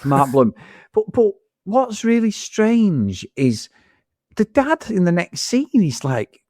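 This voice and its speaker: A man's voice: high voice, big pitch swings, slow, a little mellow, no echo, studio quality. A man in casual film review chat, ranting with lots of swearing as a podcast co-host.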